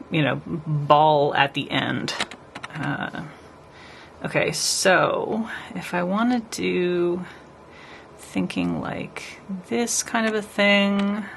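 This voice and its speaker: A woman's voice: deep voice, vocal fry, fairly bright tone, slight background noise. A woman nail artist chatting casually with her live stream viewers as she paints, rambling and talking to the chat.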